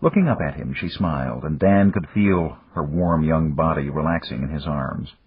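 A man narrating a novel as an audiobook, with an expressive delivery that gives the hero a hard edge. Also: a bass voice, moderate pace, few pauses, husky, dry recording, phone-quality sound. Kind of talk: scripted narration.

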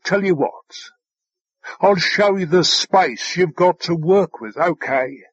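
A man voicing a smooth, dryly sardonic machine drone in an audiobook. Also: sits high, slow, no echo, lo-fi sound, full character voice. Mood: patient. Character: dry-witted ship drone, a machine, unflappable. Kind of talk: audiobook character voice.

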